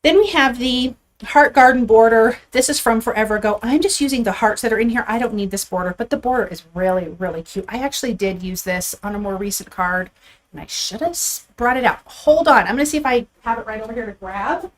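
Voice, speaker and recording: A woman's voice: on the high side, a little fast. Chatty woman crafting live on stream. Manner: chatty and upbeat, talks to viewers while handling supplies. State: a bit out of breath. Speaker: card-making crafter hosting a live stream. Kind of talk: casual live crafting chat.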